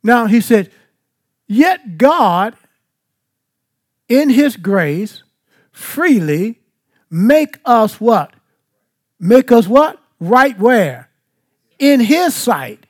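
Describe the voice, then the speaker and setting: A man's voice: extremely high pitch, sing-song, extremely slow, pauses often. A man teaching a Bible study, asking the listeners questions and then answering them. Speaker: preacher.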